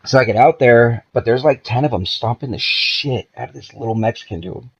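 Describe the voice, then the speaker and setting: Telling a lengthy story as a podcast guest, this man has a husky, mid-pitched voice and speaks fairly quickly. His style is casual and foul-mouthed, wandering off track and peppered with "like." The lo-fi recording has a flat, dull quality.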